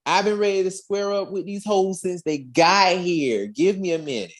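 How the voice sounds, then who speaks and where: A podcast host voicing a male bird-man warrior who is eager to fight, with brash, slangy trash talk and a voice pitched well above their own. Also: moderate pace, lightly acted. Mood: itching for a fight.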